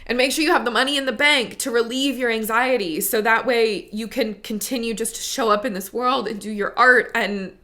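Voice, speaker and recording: Bright-voiced chatty woman podcast host. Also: fairly high pitch. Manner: chatty, upbeat, with frequent likes and rights. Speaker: podcast host and money coach. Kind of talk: casual solo podcast talk.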